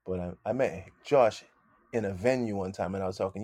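A London-raised man in his fifties speaks with a fairly low voice and a light London accent. He tells stories in an easy, laughing way and acts out other people's lines. The sound is dry and close. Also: fairly quick, dark tone, dry recording. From London, England. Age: 50s. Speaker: musician guest. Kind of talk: casual interview storytelling.

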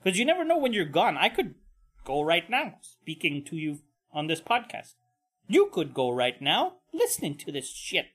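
A man's voice: huge pitch swings, moderate pace, fairly bright tone. A man hosting a casual solo podcast, with a nasal voice, rambling and swearing as he jumps between topics. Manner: bursts into high mock voices for quotes. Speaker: podcast host.

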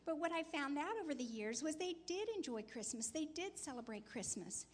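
High-voiced woman speaking in church. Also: lively intonation, moderate pace, hardly any pauses. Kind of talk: sermon.

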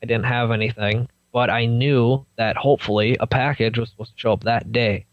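A man's voice: mid-range voice, brisk, dry recording. Young guy telling his story, acts out the quotes, kinda dull dry sound. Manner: animated storyteller acting out quotes. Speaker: guest. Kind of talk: recounting a personal story.

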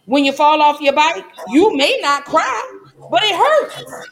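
Brief: woman vlogger, fairly high-pitched, emphatic and preachy, colloquial delivery. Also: big pitch swings, takes it slowly, a bit bright. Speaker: vlogger and mother. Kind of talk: impassioned commentary.

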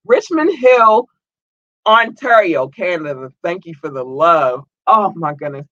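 A young American man hosting his own podcast, reading out listener shout-outs in an excited, thankful, chatty way. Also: a little high, moderate pace, no echo, muffled recording. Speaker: podcast host.

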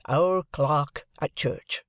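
Man doing a gentle, homely blacksmith. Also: fairly high pitch, extremely slow, no echo, clean studio sound. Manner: plain, homely, modest speech. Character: gentle, simple, kindly male blacksmith.

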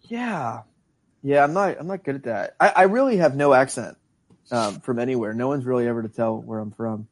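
A man's voice: mid-range voice, brisk. A man co-hosting a podcast, joking and teasing himself in casual banter. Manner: joking, self-mocking. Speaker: podcast co-host.

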